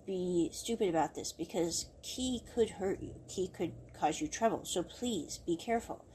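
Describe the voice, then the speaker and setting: A woman voices a protective male colleague. He repeats his warning earnestly. The delivery is mellow and low-key. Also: normal speed, a little hiss or hum, close to an everyday voice, low-quality recording. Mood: worried.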